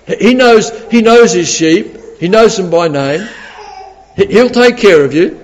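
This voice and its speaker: A man preaching a sermon in an animated way. He often repeats words and restarts, and asks the congregation questions. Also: high voice, unhurried, highs cut off. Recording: long reverb of a large hall.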